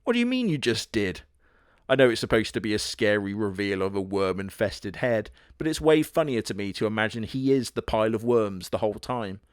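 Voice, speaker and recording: A man hosting a comedy video, giving sarcastic, crude, deadpan commentary on a horror show. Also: fairly low pitch, brisk, hardly any pauses, clear, resonant tone, no room sound. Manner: dry, crude, deadpan jokes.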